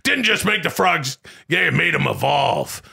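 A man doing a gravelly blustering conspiracy host. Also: fairly high pitch, big pitch swings, normal speed, pushed and bright, full character voice. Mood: blustery. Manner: stammering, blustery delivery. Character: ranting gravelly middle-aged male conspiracy radio host. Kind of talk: comedic impression.

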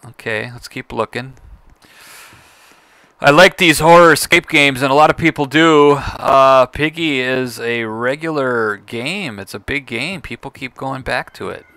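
A man giving casual gameplay commentary, playful and excitable, teasing other players and chatting to his viewers. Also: mid-range voice, unhurried, clean tone, no room sound. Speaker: gaming video creator.

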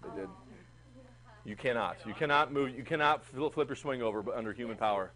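A man teaching a history class in a classroom, animated and chatty, often checking in with the students. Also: mid-range voice, brisk, rough recording. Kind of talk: classroom lecture.

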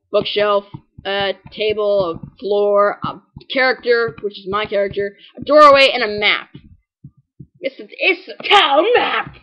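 Dull audio carries a woman's fairly high voice as she chats through a game walkthrough in a relaxed let's-play style. She meanders and gets sarcastic, filling gaps with "like" and "anyways."

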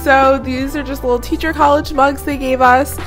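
A young woman in her twenties chatting casually in a vlog, full of fillers and quick laughs. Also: high voice, flat delivery, music in the background. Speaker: student vlogger.

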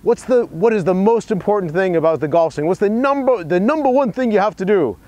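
Brief: man imitating an older golf legend, raised pitch, insistent, clumsy put-on accent. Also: expressive, brisk, mellow, dry recording. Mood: emphatic. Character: impression of a famous older male golf legend coaching.

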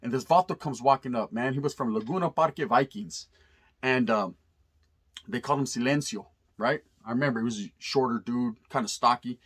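Husky-voiced man telling a rough story. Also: mid-range voice, brisk. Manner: animated, profane, heavy street slang. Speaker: storyteller vlogger. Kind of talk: casual storytelling.

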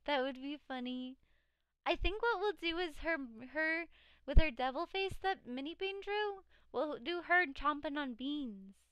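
This woman streamer has a high, animated, slightly bright voice at a measured pace, with no echo. She chats casually with viewers, reads their chat aloud and laughs often. She sounds tired, and her voice cracks occasionally.

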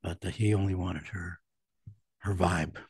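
A very deep, gravelly and husky male host speaks in a measured, explanatory way. He introduces recorded clips. The sound is dry and close. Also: fairly even intonation, darkish tone, dry recording. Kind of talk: podcast interview.

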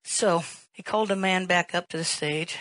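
A woman's voice: lowish voice, normal speed, a bit bright, no echo, low-quality recording. A woman pastor preaching a sermon in an emphatic way, firing rhetorical questions and rising to a raised voice.

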